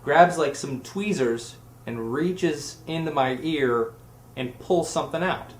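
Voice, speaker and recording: A man's voice: a little high, takes it slowly, slight background noise. Jokey young man telling stories. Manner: jokey, rambling, acts out voices in his stories. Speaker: vlogger. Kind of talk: comedic storytelling vlog. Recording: echoey room.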